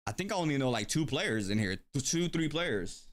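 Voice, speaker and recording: A man's voice: mid-range voice, very animated, fairly quick. An easygoing man talks into a desk mic as host of a live stream. He speaks casually in a mid-range voice, stopping to think aloud with plenty of ums and restarts. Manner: laid-back, thinks aloud with many ums.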